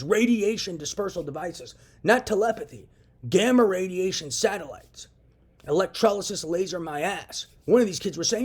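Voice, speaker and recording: A young male vlogger with a high, husky, expressive voice speaks at a moderate pace. He delivers a heated, profane monologue to camera, repeating himself as he vents.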